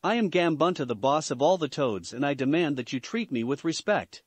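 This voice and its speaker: Man voicing Gamabunta, gruff giant toad boss. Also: on the high side, expressive, a little fast, dry recording. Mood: angry. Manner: loud, growling, bossy. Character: huge gruff male toad boss, hot-tempered.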